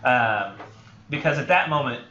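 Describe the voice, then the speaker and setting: A man's voice: medium pitch, animated, normal speed, pushed and bright, slight background noise. Rambling male writing instructor in a classroom. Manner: rambling, filler-heavy, acts out film scenes. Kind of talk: classroom lecture. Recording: roomy, dull lo-fi classroom recording.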